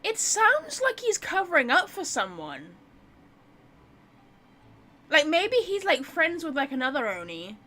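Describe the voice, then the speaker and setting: A woman's voice: high voice, wildly swooping pitch, a little slow, long pauses, sharp tone. A woman commenting casually while playing a video game, chatty and sarcastic, leaning on filler words. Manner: chatty, leans on "like", sarcastic asides.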